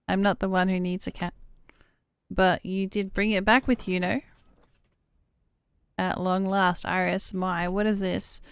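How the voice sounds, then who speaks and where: A woman's voice: medium pitch, level tone, a little slow, long pauses, clear, resonant tone, dry recording. A woman gaming streamer playing through a story game, reading the dialogue aloud and reacting casually between lines.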